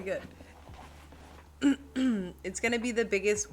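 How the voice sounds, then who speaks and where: A woman's voice: lowish voice, measured pace, pauses often, bright, forceful tone. A woman streamer reading a book aloud and stopping to chat and joke with her live viewers.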